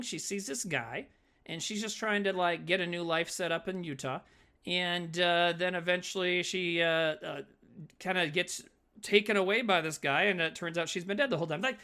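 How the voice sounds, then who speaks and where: A Midwestern man co-hosts a podcast in a high, pushed, bright voice. It's a casual chat, and he rambles along with plenty of filler words and swearing.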